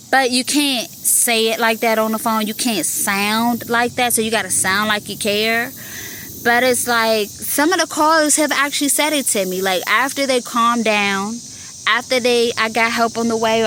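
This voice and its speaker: A woman's voice: on the high side, unhurried, fairly bright tone, a little hiss or hum. A woman hosting a podcast, talking in a casual monologue about her work as a 911 telecommunicator, emphatic and repeating herself as she makes her point.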